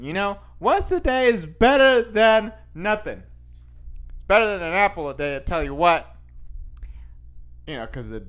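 A young man hosting a podcast tells a rambling, self-mocking story in a casual monologue full of fillers and restarts. His voice is a little high and a bit bright.

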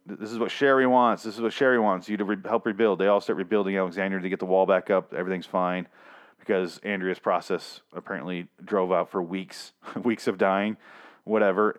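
A man's voice: lowish voice, smooth. A young man hosting a show, giving a casual, rambling recap and rant full of swearing and restarts. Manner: profane, rambling, self-interrupting. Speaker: podcast host.

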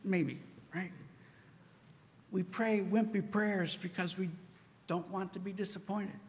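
A man's voice: high voice, flat delivery, normal speed, long reverb tail. A man preaching a sermon in an earnest, conversational way, often asking "right?" of his listeners. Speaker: pastor.

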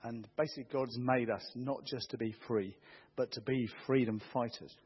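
A man's voice: mid-range voice, fairly even intonation, moderate pace, breathy edge. A middle-aged man preaching a sermon in a church, earnest and rousing as he quotes scripture. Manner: earnest, rousing, quoting scripture with rising force. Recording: dull muffled church recording.

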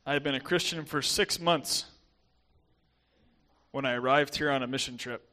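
A young adult man with a softened Southern American accent, preaching as a guest pastor in a chatty, self-deprecating way with many fillers and restarts. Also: medium pitch, normal speed. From southern United States. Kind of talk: sermon.

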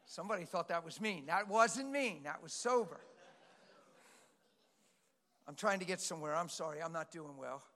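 A middle-aged male pastor preaching with passion, swinging between shouts and quiet, earnest talk. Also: on the high side, animated, moderate pace, long pauses. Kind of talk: sermon. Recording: long hall reverb.

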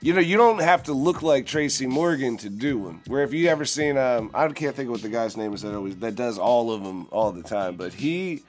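A man's voice: mid-range voice, lively intonation, brisk, hardly any pauses, soft background music. A man hosting a casual chat show, laid-back and joking, often acting out little quotes. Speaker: host.

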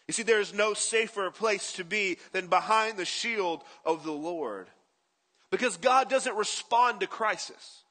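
A man's voice: fairly high pitch, bright, forceful tone, long reverb tail. A man preaching a sermon as a pastor, in a conversational way, often asking his listeners "right?".

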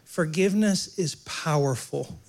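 A man's voice: on the high side, unhurried, a little mellow. Man preaching a casual sermon. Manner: conversational, jokes with the congregation. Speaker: pastor.

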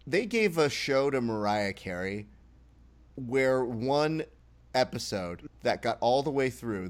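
A man co-hosting a casual wrestling podcast, animated and profane, acting out quotes as he talks. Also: mid-range voice. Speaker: podcast co-host.

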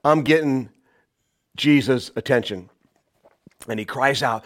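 A pastor preaching a sermon, shouting some lines and dropping to a hushed voice on others. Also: male voice, slow, long pauses. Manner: dynamic preaching, swings from loud shouts to hushed low lines.

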